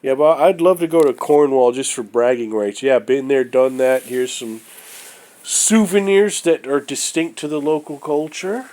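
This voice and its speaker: A man's voice: mid-range voice, moderate pace, a little mellow. A man from the United States with a stuffy nose from a cold, showing things off in a casual vlog. He talks in a rambling, hesitant, opinionated way with many fillers. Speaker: vlogger. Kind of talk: casual show-and-tell vlog.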